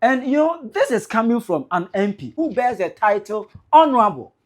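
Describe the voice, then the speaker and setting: A Ghanaian man delivers indignant news commentary, switching freely between Twi and English. His pitch swings a lot as he rails at the politician, and he repeats his questions for emphasis. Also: big pitch swings, normal speed.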